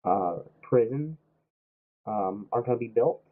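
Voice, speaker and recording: A man's voice: medium pitch, expressive, measured pace. A young man streaming while sick, ranting heatedly about politics and swearing constantly. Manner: heated, swearing, mock-quoting others. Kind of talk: profane political rant while streaming a game. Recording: tinny, phone-like lo-fi audio.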